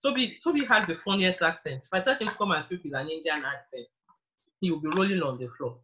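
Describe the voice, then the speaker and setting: A woman's voice: on the low side, expressive, quick pace, pushed and bright, slight background noise, low-quality recording. A middle-aged woman with a Nigerian accent, chatting as a guest on an interview show, chatty and self-deprecating. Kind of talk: casual interview chat.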